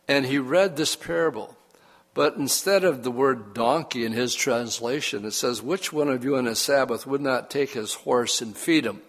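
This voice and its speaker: An older man preaching a sermon, reading scripture and telling folksy personal stories with lively emphasis. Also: mid-range voice, normal speed. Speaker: pastor.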